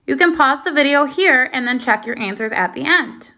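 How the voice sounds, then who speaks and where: A teacher with a high-pitched voice records a reading lesson for young kids. She talks slowly and clearly, keeps an encouraging tone, and praises them with enthusiasm.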